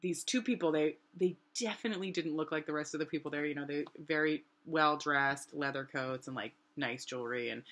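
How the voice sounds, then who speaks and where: Middle-aged New woman, lively vlog storyteller with a slightly low, bright, forceful voice. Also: brisk, hardly any pauses. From New Hampshire, USA. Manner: animated, acts out quoted voices with big pitch jumps. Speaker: artist telling her story. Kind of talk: casual storytelling.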